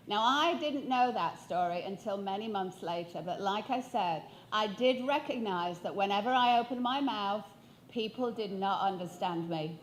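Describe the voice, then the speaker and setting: A woman in her fifties with a Yorkshire accent, giving a motivational storytelling talk on stage, humorous and playful, asking the audience questions. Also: on the high side. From England. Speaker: keynote speaker.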